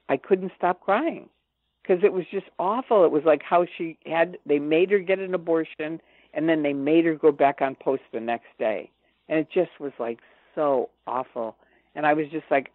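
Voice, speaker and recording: An older woman telling her personal story as an interview guest, animated and acting out the dialogue she quotes. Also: low voice, no echo. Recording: tinny dry phone line.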